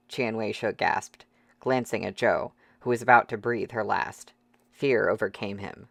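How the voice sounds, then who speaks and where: A man's voice: on the low side, unhurried, vocal fry, no room sound. Man narrating an audiobook, dry and close. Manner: steady, dramatic storytelling.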